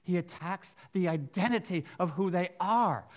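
A middle-aged male pastor preaching a sermon, swinging from near-whispers to loud emphatic bursts, with chatty asides and rhetorical questions. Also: sits high, animated, normal speed.

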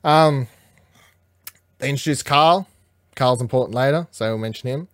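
A man's voice: mid-range voice, moderate pace, a bit bright, dry recording, studio quality. A man co-hosting a casual episode recap, rambling, swearing freely and acting out the characters' lines. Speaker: podcast co-host.

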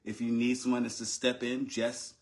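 A man from North Carolina, a guest on a chat show, joking in a halting, laid-back way. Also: mid-range voice, monotone. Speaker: guest comedian. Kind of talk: casual chat.

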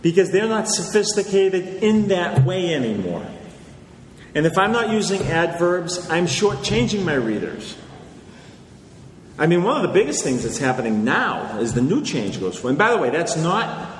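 A man's voice: fairly high pitch, big pitch swings, normal speed. A male author answering audience questions in a conversational, lecturing way, often checking in with "okay?". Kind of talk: live Q&A talk. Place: large hall with audience. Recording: echoey hall, faint noise.

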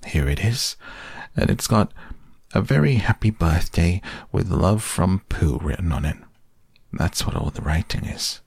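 A man's voice: low-pitched, lively intonation, unhurried, creaky, darkish tone, slightly rough, no echo, studio quality, exaggerated voice. Pooh, a man voicing a cheerful simple bear. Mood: earnest. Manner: cheerful, earnest. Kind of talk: storybook reading.

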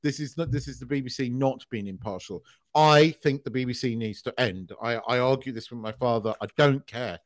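Man, middle-aged, podcast co-host, blunt sweary rants, mid pitch, dry close sound. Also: fairly quick, no room sound. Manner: blunt, sweary, animated ranting. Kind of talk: casual chat.

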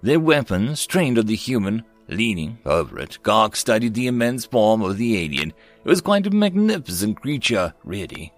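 Low voiced guy reading sci-fi stories, really animated delivery, faint music under it. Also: normal speed, dry recording. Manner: expressive, varied storytelling. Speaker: story narrator. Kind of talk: scripted narration of science fiction stories.

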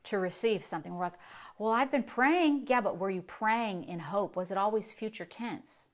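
Woman pastor, mid pitch, storytelling sermon delivery, quiet passages building to emphatic peaks. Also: normal speed. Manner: storytelling preacher, swings from hushed to emphatic.

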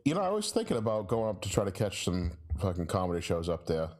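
A man's voice: sits low, huge pitch swings, quick pace, darkish tone. A man co-hosting a podcast, laid-back and swearing freely in casual chat. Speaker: podcast co-host.

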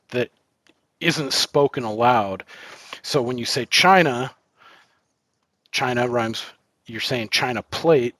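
A man's voice: mid-range voice, a bit bright, husky, dry recording. A man co-hosting a film podcast, rambling casually with lots of fillers and swearing. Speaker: podcast co-host.

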